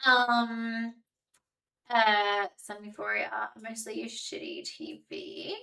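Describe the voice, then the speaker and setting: A woman's voice: fairly high pitch, sing-song, takes it slowly, creaky, bright, forceful tone, distant mic, poor audio. A woman streaming from home, chatting casually with her viewers and reading out their messages, with lots of fillers. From New Zealand and Australia. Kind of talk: casual chat with live viewers.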